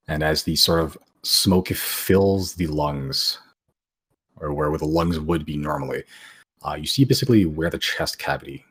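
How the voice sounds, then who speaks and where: A man narrating as game master of a tabletop game, describing scenes haltingly with many fillers. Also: a bass voice, breathy edge.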